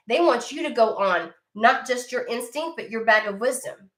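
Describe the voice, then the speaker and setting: A woman's voice: on the high side, a bit bright. A woman giving a casual tarot reading, talking bluntly and with lots of swearing, straight to her viewers. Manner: blunt and profane, talks to viewer directly. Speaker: tarot reader. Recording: echoey room.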